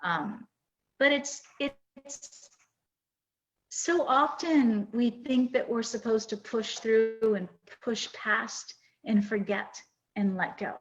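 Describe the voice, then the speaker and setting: Through a dull lo-fi recording, a female podcast host in her fifties slowly relates a personal story. Her voice is a little high, and she comes across as earnest, reflective and emotional.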